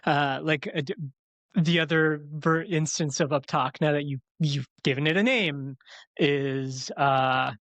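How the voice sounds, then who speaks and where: A man's voice: fairly high pitch, unhurried, fairly bright tone, no room sound. A man co-hosting a podcast who teaches yoga, explaining his views in an opinionated, casual way. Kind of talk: casual chat.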